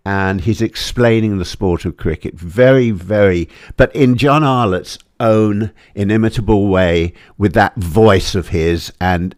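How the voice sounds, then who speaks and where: A man's voice: fairly low pitch, dry recording, clean studio sound. A male host from England interviewing a guest in a chatty, digressive, self-deprecating way. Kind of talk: casual chat.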